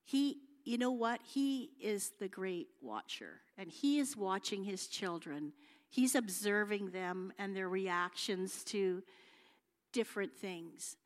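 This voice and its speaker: A woman's voice: medium pitch, animated, takes it slowly. Chatty woman preaching in a reverberant hall. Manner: chatty, homely, many fillers and restarts. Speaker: guest speaker at church. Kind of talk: informal sermon with slides. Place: church hall.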